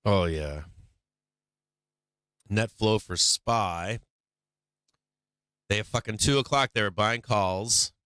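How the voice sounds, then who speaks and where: A man's voice: on the low side, takes it slowly, pauses often, sharp tone, smooth, no echo, studio quality. A man hosting a casual live stream, swearing a lot, taunting and gleeful, sometimes breaking into a sing-song carnival barker call.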